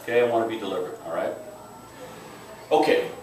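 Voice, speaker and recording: A man's voice: fairly low pitch, fast talker, darkish tone. Intense male self-defense instructor, echoey room. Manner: intense, emphatic, direct. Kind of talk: teaching a class. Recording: echoey room, mic far off, faint noise.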